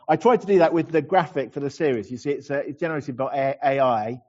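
A middle-aged man preaching a sermon earnestly, slowing down to linger over key phrases. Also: fairly high pitch, darkish tone, highs cut off. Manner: earnest, slows to savor phrases.

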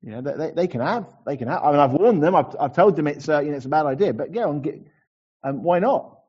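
A man's voice: a little high, animated, fast talker, slightly rough. A man preaching a conversational sermon, restarting words often and acting out short asides. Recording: dull lo-fi sound.

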